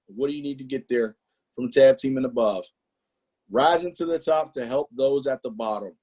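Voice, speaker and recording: A man leading a motivational sales training, emphatic and animated, throwing out rhetorical questions and slang. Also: medium pitch, breathy edge. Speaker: business trainer presenting to a team.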